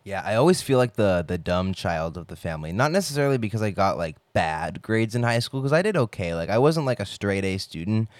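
A man's voice: lowish voice, lively intonation, a little fast, hardly any pauses, no room sound. A young man telling stories in a casual podcast monologue, rambling and swearing with lots of filler words.

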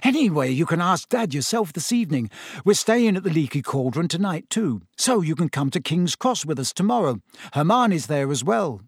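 A man's voice: a little high, normal speed, husky, dry recording, exaggerated voice. Cheeky teen wizard boy, eager and teasing, performed by a male narrator, dry booth sound. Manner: excited, teasing. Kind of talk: audiobook character voice.

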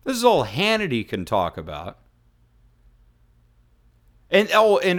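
A man's voice: sits high, wildly swooping pitch, unhurried, long pauses, a bit bright. A man hosting a talk radio show, delivering a sarcastic, mocking rant. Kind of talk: opinion radio monologue.

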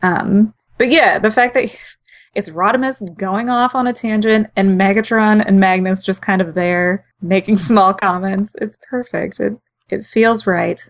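A woman co-hosting a casual chat, animated and quick to act out characters' lines. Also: mid-range voice. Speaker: podcast co-host.

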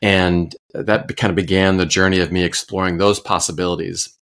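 A man in his fifties, originally from Iowa, tells how he came to the ministry with a low, settled voice. He speaks thoughtfully and pokes fun at himself, often pausing and restarting mid-sentence. He is a pastor, guest on a podcast. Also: flat delivery, a bit bright, clean tone. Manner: thoughtful, self-deprecating, with frequent fillers and restarts. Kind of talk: relaxed conversational storytelling.

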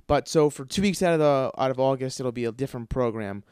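A man's voice: mid-range voice, fast, darkish tone, clear, resonant tone, no room sound, studio quality. A man hosting his own podcast, ranting casually and comically with lots of swearing and rambling restarts. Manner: profane, grumbling, rambling with restarts. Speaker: podcast host. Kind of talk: casual comedic rant.

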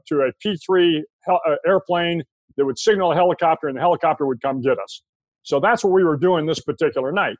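An older American man, a guest in an interview, telling a long anecdote in a relaxed, conversational way with frequent restarts. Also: fairly high pitch, dry recording. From United States. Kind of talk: storytelling anecdote.

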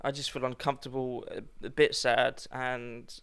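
A young man co-hosting a podcast in casual chat, animated and giggly, often restarting his sentences. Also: mid-range voice, normal speed, creaky, clean tone. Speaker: podcast co-host.

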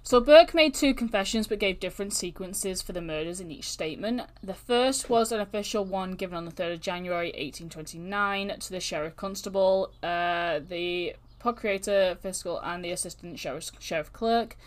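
A woman hosting a podcast, telling stories in casual, animated chat with plenty of swearing. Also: lowish voice, normal speed, hardly any pauses. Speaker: podcast host.

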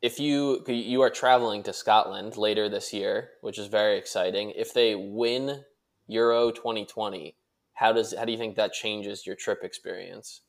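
A man's voice: on the low side, steady tone, normal speed, gravelly. A man co-hosting a casual podcast on a video call, talking in a dry, teasing way. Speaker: podcast co-host.

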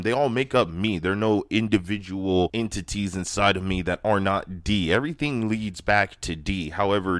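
A man's voice: fairly low pitch, no echo, studio quality. A man hosting his own podcast, talking through personal thoughts in a rambling, candid solo monologue with the odd curse. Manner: rambling, candid, sprinkled with profanity. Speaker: podcast host.

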